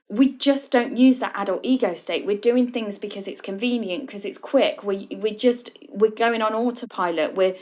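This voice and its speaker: A woman hosting a solo podcast, explaining in a conversational way and addressing the listener directly. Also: mid-range voice. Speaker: podcast host, food coach.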